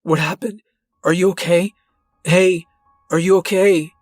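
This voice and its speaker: A woman's voice: on the low side, steady tone, slow pace, gravelly, breathy edge, dry recording, clean studio sound, soft background music, pitched above the performer's own voice, exaggerated voice. A man voicing a panicked woman trapped in a car. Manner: pleading, breathless panic.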